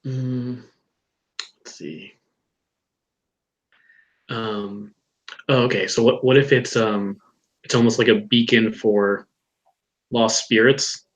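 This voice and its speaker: A man playing in a tabletop role-playing game, musing aloud as he pitches an idea. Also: steady tone, slow pace, pauses often, low-quality recording. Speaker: player. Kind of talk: casual chat.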